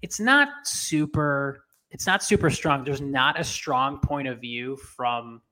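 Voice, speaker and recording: A man's voice: medium pitch, slow, sharp tone. A man co-hosting a sports podcast, talking in a laid-back, chatty way, full of "like" and "dude". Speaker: podcast co-host. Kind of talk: casual chat.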